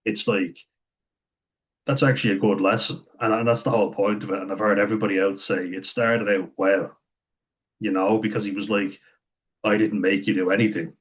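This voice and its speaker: A man's voice: on the low side, level tone, fairly quick, highs cut off. A man giving a chatty, meandering spoken review of a TV series, retelling scenes as he goes. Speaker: show reviewer.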